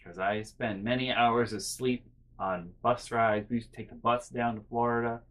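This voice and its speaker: A young man vlogging, telling a casual, rambling story full of restarts and quiet muttered asides. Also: medium pitch, fairly even intonation, moderate pace. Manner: rambling, self-interrupting with fillers and restarts.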